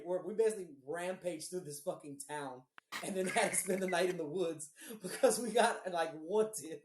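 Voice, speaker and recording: Woman podcaster telling a wild story, lowish voice that bounces all over, swears a lot, echoey room. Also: slight background noise. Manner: animated, swears freely, acts out quoted dialogue. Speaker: podcast co-host. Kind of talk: casual storytelling chat.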